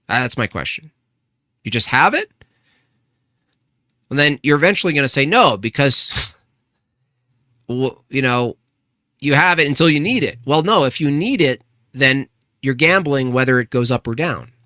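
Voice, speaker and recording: In a medium-pitched, bright, forceful voice, a live-stream host argues with his chat and asks pointed rhetorical questions, restarting as he goes. The stream is casual. The audio is dry and studio quality.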